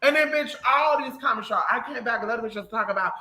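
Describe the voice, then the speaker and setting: A livestream host ranting casually to viewers in a sassy, profane, animated way. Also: mid-range voice, fast, low-quality recording. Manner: animated storytelling.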